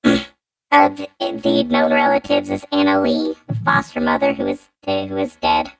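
A man's voice: sits low, a little slow, gravelly, rough recording. A man hosting a podcast through a robotic voice changer, chatty and hesitant with many fillers. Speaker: podcast host. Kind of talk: casual podcast chat. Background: music.

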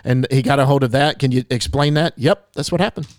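A man's voice: medium pitch, brisk, darkish tone, no echo. A man hosting an interview, asking friendly, rambling questions. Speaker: interview host. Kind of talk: casual interview.

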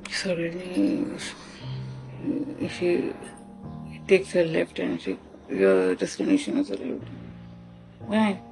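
A storyteller with an Indian English accent and a gravelly, creaky edge tells a story in a halting, casual way, restarting sentences and slipping into Hindi. The pitch rises and falls a lot as they act out the dialogue. Clear music plays behind the voice throughout.

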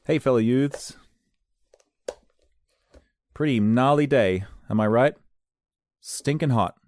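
A man's voice: slow pace, a little mellow, natural voice. A man putting on a goofy undercover voice, an adult pretending to be a cool young skater. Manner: exaggerated, goofy, higher-pitched. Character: overeager undercover man faking skater slang.

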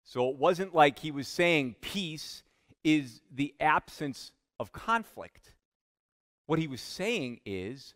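A man preaching a sermon as pastor, slow and emphatic, dropping to a hush on key words. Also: a little high, big pitch swings. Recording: long hall reverb.

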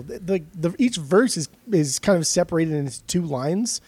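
A man's voice: on the high side, animated, moderate pace, a little mellow, breathy edge, no echo. A man co-hosting a casual music discussion, blunt and argumentative. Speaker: podcast co-host.

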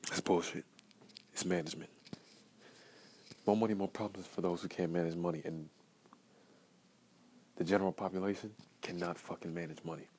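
Low-voiced young man ranting raw. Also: steady tone, moderate pace, long pauses, a little hiss or hum, low-quality recording. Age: young adult. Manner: profane, rambling, emotionally raw, swinging from muttering to loud outbursts. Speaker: podcast host. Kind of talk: raw solo podcast monologue.

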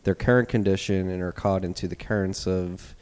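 A man's voice: deep voice, fairly even intonation, fairly quick, darkish tone, clean tone, big-room sound. A male podcast host talking in casual chat, earnest and rambling, with some swearing.

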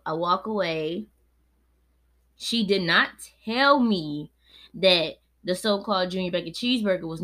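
A young woman tells a story on her podcast. She talks casually and swears freely. Her delivery is animated and moves between relaxed and riled up. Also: medium pitch. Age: 20s. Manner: animated, profane, swinging between laid-back and heated. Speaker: podcast host.

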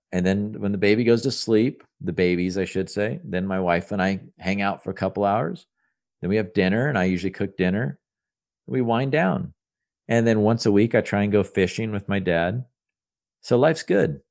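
A man's voice: on the low side, normal speed, gravelly, a little mellow. A man in his thirties, a podcast guest, talking casually and earnestly, often restarting his sentences and repeating words. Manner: earnest and upbeat about his work. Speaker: entrepreneur guest.

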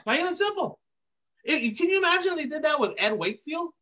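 This man's very high voice is sing-song, fairly quick, bright, and forceful. Hosting a racing podcast, he delivers heated casual commentary on dirt track racing, ranting hard and driving his points in with catchphrases he repeats again and again.

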